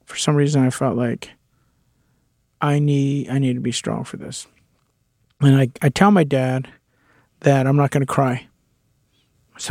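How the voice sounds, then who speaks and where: A man's voice: medium pitch, fairly even intonation, unhurried, creaky, pauses often, warm tone, dry recording, studio quality. A man candidly telling a personal story in a conversational way, with the odd curse word. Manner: candid, conversational, with occasional swearing.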